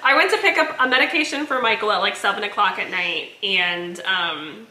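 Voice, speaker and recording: A woman's voice: medium pitch, normal speed, pushed and bright. A woman co-hosting a casual chat podcast, telling stories animatedly, acting out quotes and laughing often. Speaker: podcast co-host. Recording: roomy echo.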